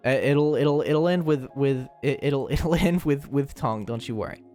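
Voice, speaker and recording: A man's voice: mid-range voice, normal speed, dark tone, soft background music. A young man streamer in casual chat, rambling and joking, often stumbling and repeating words.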